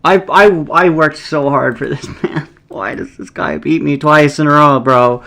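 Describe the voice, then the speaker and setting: A man's voice: a little high, a little slow, gravelly, bright, forceful tone. Man thinking aloud mid-match. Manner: thinking aloud, casual and rambling; swears often, exasperated. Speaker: competitive game player. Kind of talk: live gameplay commentary.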